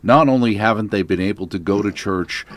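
Low-voiced man hosting a religious talk show. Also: brisk.

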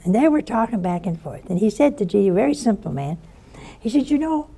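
In a mellow, gravelly, mid-range voice, a woman preaches a spoken sermon at a fairly quick pace. She's very animated, telling her story vividly and acting out the voices of the people she quotes.

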